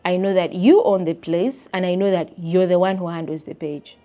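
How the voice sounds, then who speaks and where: A woman's voice: fairly low pitch, moderate pace, lo-fi sound. A young woman with a Ugandan accent, ranting to her viewers in an emphatic, indignant, chatty way. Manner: emphatic, indignant, animated with voiced quotes. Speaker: vlogger and content creator. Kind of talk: casual rant to camera.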